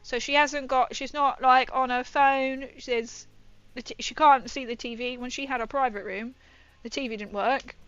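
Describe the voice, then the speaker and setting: Bright, chatty woman streamer. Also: sits high, fairly even intonation, moderate pace, smooth, no room sound, highs cut off, faint music behind. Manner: chatty, rambling, laughs often. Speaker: livestreamer. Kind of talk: casual chat while building a model.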